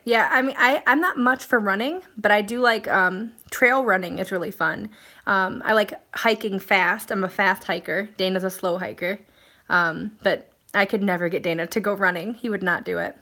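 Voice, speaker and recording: A woman's voice: medium pitch, bright, forceful tone. A woman hosting a casual live stream, chatting and answering viewer comments in a rambling way with plenty of ums and restarts.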